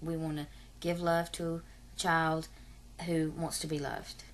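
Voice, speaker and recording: A woman's voice: sits low, flat delivery, measured pace. A woman, talking casually and at length to her camera in a rambling, long-winded way full of fillers and asides. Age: 30s. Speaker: vlogger. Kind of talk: casual vlog talk to camera.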